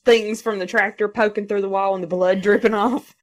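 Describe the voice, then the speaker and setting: A woman's voice: mid-range voice, steady tone, brisk. A woman in her thirties co-hosting a casual podcast, swearing freely, laughing often and acting out quoted voices. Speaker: podcast co-host. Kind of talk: casual chat.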